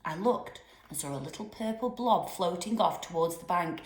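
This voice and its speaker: A woman teacher reading a children's novel aloud with expressive storytelling. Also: on the low side, normal speed, few pauses. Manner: expressive storytelling with lively voices. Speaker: primary school teacher. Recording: roomy echoey room.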